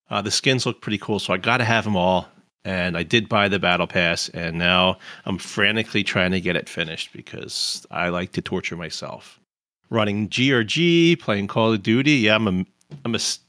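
Man, middle-aged, podcast host, rambling, self-mocking, laughs a lot, bright tone, dry close sound. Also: lowish voice, dry recording. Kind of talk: casual podcast chat.

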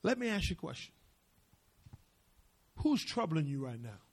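A middle-aged male pastor preaching a sermon, repeating phrases and swinging from hushed asides to shouted declarations. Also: fairly high pitch, big pitch swings, moderate pace, slightly rough.

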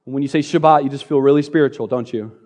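A man preaching a sermon on a church stage, playful and energetic, joking and repeating key phrases. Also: mid-range voice, quick pace. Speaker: pastor.

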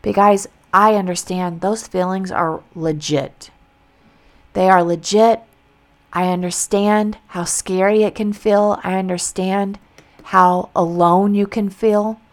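A woman hosts a motivational podcast, speaking earnestly and warmly encouraging her listeners. Her voice sits at an ordinary middle pitch, and she leans on faith as she reassures them. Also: steady tone, slow pace. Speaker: podcast host.

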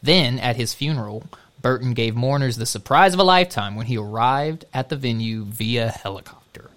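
A man's voice: medium pitch, moderate pace. Laid-back man reading news aloud casually. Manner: relaxed, laughing, reads with fillers. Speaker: podcast co-host.

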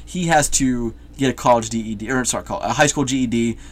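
A man's voice: medium pitch, fast talker. Rambling man chatting about a movie. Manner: rambling, laughs easily, trails off. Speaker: podcast co-host reviewing a movie. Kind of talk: casual chat.

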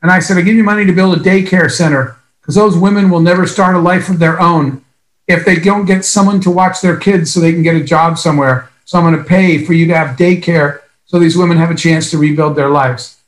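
A man giving an earnest, emphatic motivational speech at a business event, telling stories with long pauses. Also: a little high, fairly even intonation, reverberant, rough recording.

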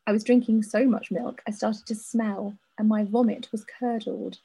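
Husky woman reading a letter. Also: mid-range voice, steady tone, moderate pace, mellow, rough recording. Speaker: podcast co-host. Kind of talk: casual chat, reading a listener letter.

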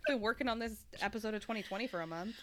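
A congested woman in her thirties co-hosts a podcast, racing along in a mid-range, slightly bright voice. The chat is casual, with long rambling stories and plenty of laughter.

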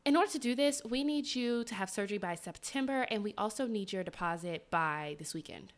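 A woman voicing a chirpy woman receptionist from a doctor's office, giving a bubbly sales pitch. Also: animated, a little fast, lightly acted. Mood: eager.

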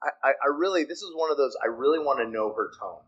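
A man preaching a sermon, chatty and animated, asking his listeners questions and moving between loud dramatic reading and soft asides. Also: medium pitch, fast talker, breathy edge, lo-fi sound. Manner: animated, conversational, asks the congregation questions.

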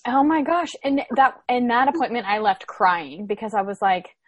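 A woman's voice: a little high, normal speed, dry recording. A young woman in her twenties, telling a personal story in casual chat with lots of "like" fillers. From Florida, USA. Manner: animated retelling with many "like" fillers. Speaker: podcast guest.

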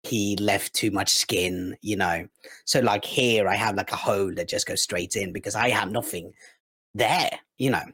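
Husky, candid male guest, dry close sound. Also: fairly low pitch, normal speed, a bit bright, dry recording. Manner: candid, frank, matter-of-fact. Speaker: podcast guest. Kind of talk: casual interview chat.

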